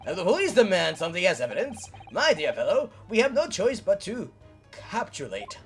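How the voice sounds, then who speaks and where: Pompous showy detective guy, streamer doing the voice, lower put-on tone, swoops around a lot, faint game music. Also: huge pitch swings. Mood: grandiose. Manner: pompous, drawn-out flourishes. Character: flamboyant theatrical male detective, grandiose. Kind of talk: reading game dialogue aloud.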